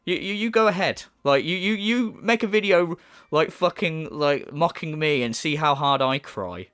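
A man delivering a ranting commentary, exasperated and sarcastic, swearing freely. His voice sits high and swings widely in pitch. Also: expressive, moderate pace, a bit bright, smooth. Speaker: commentary YouTuber.

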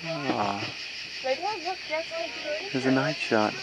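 A man's voice: medium pitch, drawn-out words, vocal fry. A man filming his family with a handheld camcorder at an outdoor campground, chatting playfully and teasing the kids. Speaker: home video camera operator. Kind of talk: casual home video narration. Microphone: handheld camcorder mic. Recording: noisy outdoor camcorder audio with traffic.

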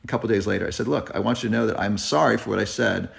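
A man in his thirties with a gravelly, creaky voice answers viewer questions live. He speaks earnestly and reflectively, pausing to think, in a lowish register. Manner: earnest, reflective, tearing up at times. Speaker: health channel host. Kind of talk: live Q&A chat. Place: driving, in a car.

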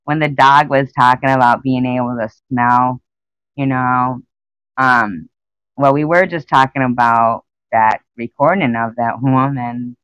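A woman's voice: very deep voice, fairly even intonation, a little slow, fairly bright tone, smooth, no room sound, rough recording. A woman chatting casually on a live stream, rambling and emotional as she greets her viewers by name.

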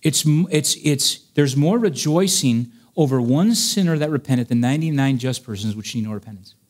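A pastor preaching with earnest conviction, his voice sitting at an ordinary middle pitch. He climbs to emphatic, raised passages, then drops low and soft when he tells a personal story. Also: animated, normal speed. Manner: earnest preaching, rising to emphatic peaks, dropping soft for stories. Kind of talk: sermon.

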